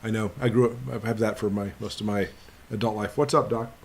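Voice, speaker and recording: A man's voice: fairly low pitch, fairly even intonation, fairly quick, vocal fry. A man hosting a casual live stream Q&A, reading viewers' names off his computer and greeting each one in an upbeat, chatty way.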